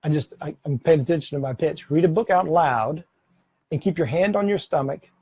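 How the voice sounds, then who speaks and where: A man's voice: on the high side, brisk, husky, dry recording, lo-fi sound. A middle-aged man giving practical tips on presentations to a camera, in a casual, conversational way, often correcting himself mid-sentence. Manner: conversational, self-correcting, occasional laughs. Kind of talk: casual instructional talk to camera. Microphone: camera mic, speaking to camera.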